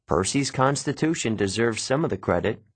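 A man voicing an older male centaur teacher, measured and gentle, in an audiobook. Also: mid-range voice, lively intonation, slightly rough, no echo.

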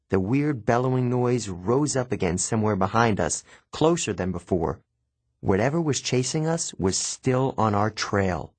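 Husky guy narrating a novel in first person, dry booth sound. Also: fairly low pitch, animated, normal speed, a little mellow, no echo. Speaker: audiobook narrator.

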